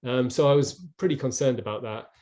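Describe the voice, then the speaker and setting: Earnest reflective man, mellow voice. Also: mid-range voice, a little fast. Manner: earnest, reflective, many restarts. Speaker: guest, former rower. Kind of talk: storytelling in an interview. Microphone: video call.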